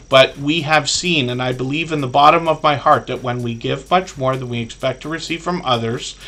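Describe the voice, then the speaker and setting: Male live stream host, bright tone, casual rambling delivery with fillers, earnest. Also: mid-range voice.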